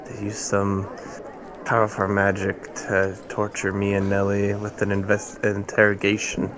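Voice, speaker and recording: A man at a tabletop game, recounting events in character in a halting way. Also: on the low side, monotone, crowd noise, background noise. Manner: halting, many ums and laughs. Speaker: player.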